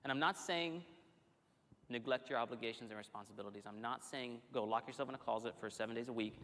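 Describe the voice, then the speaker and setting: A male pastor preaching a sermon in a church, telling the story in an animated, conversational way with frequent restarts. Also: mid-range voice, quick pace. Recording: long hall reverb.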